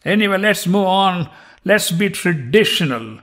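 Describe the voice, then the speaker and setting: A man's voice: high-pitched, lively intonation, a little slow, a bit bright. A man with an Indian English accent, giving an informal accent lesson who says a word and then jokes about it. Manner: lists words and riffs on each with humor. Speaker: accent coach.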